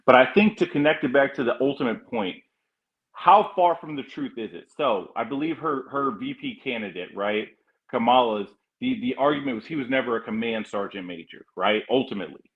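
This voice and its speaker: A man's voice: mid-range voice, animated, a little fast, phone-quality sound. A man from California hosting a casual panel chat, rambling and restarting his sentences often. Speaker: podcast host.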